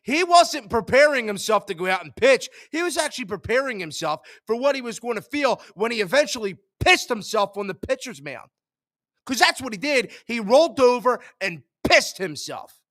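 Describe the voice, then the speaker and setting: High, lively man ranting. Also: moderate pace, dry recording, clean studio sound. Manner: ranting, swings from loud outbursts to low mutters. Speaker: sports show host. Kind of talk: frustrated sports rant.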